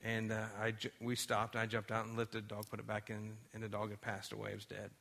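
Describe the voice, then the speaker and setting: Male pastor, bright tone, animated sermon storyteller. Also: lowish voice, fast talker, creaky. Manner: animated storytelling, drops to quiet tones for sad moments.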